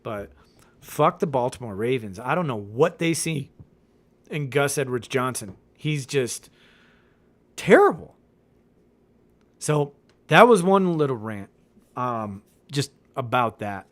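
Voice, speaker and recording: A man hosting a casual podcast, ranting in an animated way with swearing and laughter. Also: mid-range voice, unhurried. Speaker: podcast host. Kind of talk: casual fantasy football podcast chat. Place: home in the mountains.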